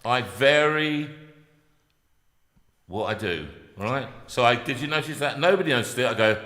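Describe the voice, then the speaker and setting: A man's voice: medium pitch, animated, normal speed. A man in his sixties, a singer hosting a live concert, teasing and joking with self-mocking banter. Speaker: singer and show host. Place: concert room. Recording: echoey hall with piano.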